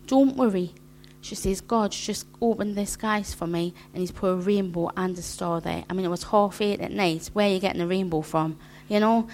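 A middle-aged woman preaching at church, sharing personal stories in a conversational, chuckling way. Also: on the high side. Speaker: church speaker.

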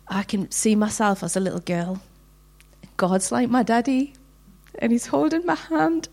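A middle-aged woman giving a heartfelt devotional talk to women, slowing down to read scripture passages earnestly. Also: on the high side, vocal fry, a little mellow. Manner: heartfelt, earnest, slows down for readings. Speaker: women's ministry speaker.

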